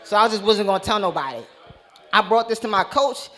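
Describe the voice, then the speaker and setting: Brash, high-voiced male stand-up comic. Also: lively intonation, brisk, bright, forceful tone. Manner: brash, profane, punchline-driven delivery. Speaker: stand-up comedian. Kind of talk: stand-up comedy set. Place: comedy club stage.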